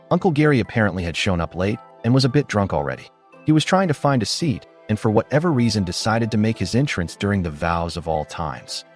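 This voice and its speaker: A man giving scripted first-person narration of a story in a steady, animated storytelling delivery. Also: on the low side. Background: faint background music.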